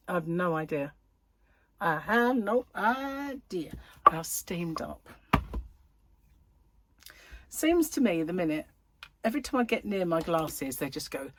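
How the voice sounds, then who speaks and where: A woman chatting casually in her vlog and laughing at her own jokes. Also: on the low side. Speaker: vlogger. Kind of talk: casual chat. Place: in a van.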